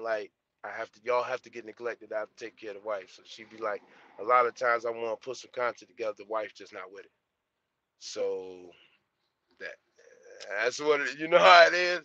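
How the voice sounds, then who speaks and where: A man's voice: lowish voice, sharp tone, no echo, lo-fi sound. A young man streaming live as a trucker vlogger, chatting casually in a laid-back, slangy way and repeating himself. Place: truck cab.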